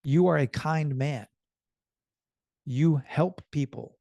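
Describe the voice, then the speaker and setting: A self-improvement vlogger speaks to the camera in a casual motivational video, his high voice slow and gravelly with no room sound. He tells a story earnestly, animatedly voicing the people in it.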